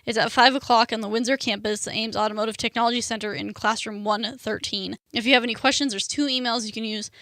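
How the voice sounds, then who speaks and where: A woman's voice: fairly high pitch, fairly bright tone, no room sound, clean studio sound. A young adult woman hosting a student radio show, talking casually with lots of fillers like "like" and "um". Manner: chatty, lots of "like" and "um".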